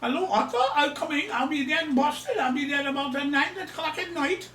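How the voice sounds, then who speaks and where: A man voicing an eager, scheming woman caller with a heavy Nigerian accent, pitched well above his own voice. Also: a little fast, sharp tone, recorded from a distance. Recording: echoey room, away from the mic.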